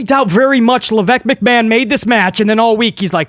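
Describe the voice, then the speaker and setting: A man's voice: very high-pitched, brisk, few pauses, fairly bright tone, dry recording, studio quality. A man hosting a wrestling commentary show, ranting sarcastically and swearing freely. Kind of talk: opinionated wrestling rant.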